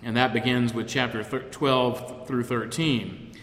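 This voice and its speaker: A man teaching an informal Bible class, thoughtful and halting, often restarting his sentences. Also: medium pitch, fairly even intonation, a bit bright. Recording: echoey room with long reverb.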